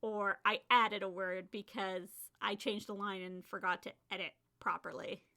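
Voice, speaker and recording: A young woman talks through writing advice in a loose, chatty way, breaking into laughter and acting out what she and others said. Her voice is bright and clear, sitting in an ordinary middle range. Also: mid-range voice, fairly even intonation, moderate pace. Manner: chatty, laughs often, acts out her own quotes. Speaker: podcast host and author. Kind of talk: casual solo podcast talk.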